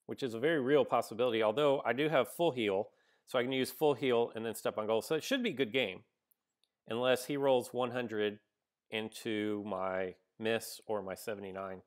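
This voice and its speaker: A gaming streamer with a mid-range voice talks at a normal speed while playing, giving casual live commentary. He thinks out loud, keeps stopping and restarting with "um" and "like," and responds to viewers between moves.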